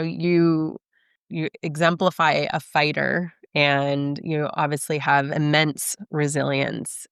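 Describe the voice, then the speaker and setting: A woman cohosting a podcast interview, measured and affirming toward her guest. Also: low-pitched, fairly bright tone, clear, resonant tone, no room sound, clean studio sound. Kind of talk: conversational interview.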